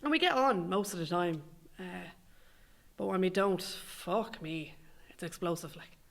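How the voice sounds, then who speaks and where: A young Irish woman performs a scripted comic monologue that's sardonic, rambling and full of swearing. Her voice sits fairly low and has a creaky quality, and she speaks a little slowly.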